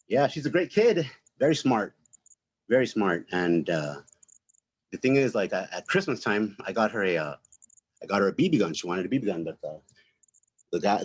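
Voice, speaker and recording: Rambling low-voiced man doing stand-up. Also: slightly rough, no echo. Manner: rambling, many fillers and self-interrupting laughs. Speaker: open mic comedian. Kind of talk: stand-up comedy set. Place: home. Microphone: home livestream mic. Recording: dull, dry, lo-fi stream audio.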